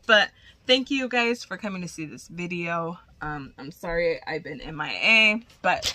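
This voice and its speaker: A woman's voice: lowish voice, lively intonation, normal speed, noisy background. A woman vlogger chatting casually and gushing as she unboxes crochet gifts, cursing now and then.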